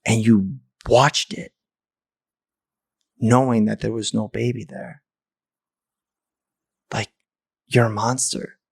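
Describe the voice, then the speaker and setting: A man's voice: on the low side, steady tone, takes it slowly, gravelly, long pauses, slightly rough. A man, a podcast host, telling a personal story candidly and emotionally, stammering and restarting as he goes.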